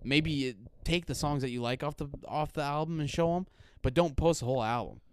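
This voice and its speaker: Co-hosting a laid-back podcast, this Midwestern-accented man talks briskly in a fairly high voice, with a bit of hiss or hum behind him. He rambles and packs his speech with "like."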